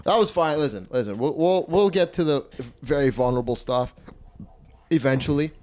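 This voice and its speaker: A man's voice: a little high, animated, normal speed, darkish tone. A man in his twenties hosting a comedy podcast, rambling, profane and self-mocking. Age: 20s. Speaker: podcast host and stand-up comedian. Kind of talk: casual comedy podcast chat.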